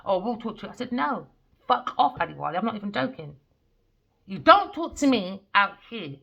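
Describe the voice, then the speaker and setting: A woman's voice: medium pitch, big pitch swings, brisk, fairly bright tone, muffled recording. A woman giving a casual tarot reading, talking bluntly and animatedly and swearing freely. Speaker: tarot reader.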